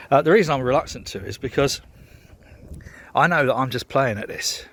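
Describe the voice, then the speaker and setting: A man's voice: medium pitch, expressive, brisk, long pauses, a bit bright, slight background noise. A man chatting casually in a rambling, sweary, self-mocking way, vlogging from his garden. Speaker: home brewer vlogger. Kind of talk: casual rambling vlog chat.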